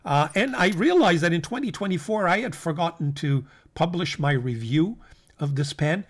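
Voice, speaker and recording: A man hosting a weekly pen roundup, his voice sitting a little higher than most men's. He rambles casually, stumbling over restarts and filling pauses with ums and uhs, and he talks straight to the viewers as folks. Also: animated. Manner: rambling, many fillers and restarts. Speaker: fountain pen channel host.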